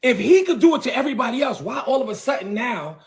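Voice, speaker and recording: A man with a high, restless voice that swings up and down as he launches into a heated rant. He speaks as a bishop and is confrontational throughout. He hammers points home by repeating words over and over. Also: sing-song, fast talker.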